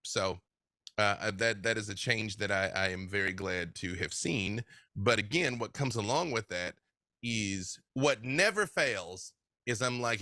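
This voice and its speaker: A man, a game master being interviewed, chatting casually and telling stories in an animated way, laughing often. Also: on the low side, measured pace, no room sound, studio quality.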